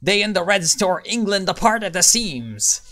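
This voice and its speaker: A man's voice: very animated, moderate pace, full character voice. A man reading out a fiery political proclamation as an orator, in an exaggerated mock Irish accent. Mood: indignant. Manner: high, loud, declaiming. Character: fiery male political orator denouncing enemies.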